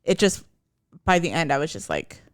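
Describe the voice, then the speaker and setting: A podcast co-host in casual chat, agreeable and quick to laugh. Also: mid-range voice, big pitch swings, a bit bright, no room sound, clean studio sound.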